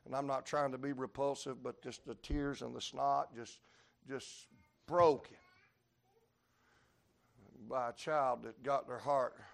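A male preacher delivering a revival sermon, storytelling in a folksy way and breaking into sudden shouts. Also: mid-range voice, creaky. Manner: preaching with sudden shouted peaks and Southern folk sayings.

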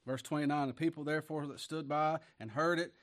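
A man preaching a sermon. He reads scripture slowly and with weight, swings between loud emphasis and quiet asides, and chuckles often. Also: on the high side, steady tone.

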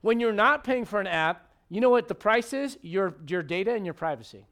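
Man, high voice, preaching in a church, emphatic, talks straight to the pews. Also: animated, a little fast, fairly bright tone. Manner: conversational, emphatic, asks the congregation questions. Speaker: pastor. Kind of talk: sermon. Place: church sanctuary.

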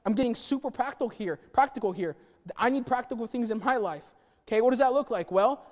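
A man's voice: very high voice, fast, darkish tone. A man preaching a sermon in a conversational, chatty way with humorous asides. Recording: long reverb of a hall.

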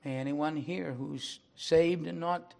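An older man preaching a sermon, speaking slowly and earnestly, then leading a prayer. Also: fairly high pitch, fairly even intonation, vocal fry. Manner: slow and earnest, rising to loud dramatic recitation. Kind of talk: sermon closing with a recited poem and prayer.

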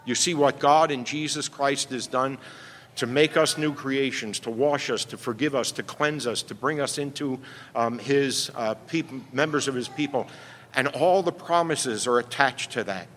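A man's voice: medium pitch, steady tone, normal speed, fairly bright tone, slight background noise. A male pastor preaching a sermon emphatically, often checking in with "right?". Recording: long reverb from a hall.

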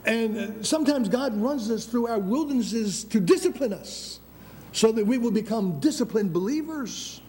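An older American preacher keeps a moderate pace, his fairly high voice mellow and easygoing. He insists on his points, backs up to restart phrases, and calls "Amen?" to the congregation, with faint background rumble audible.

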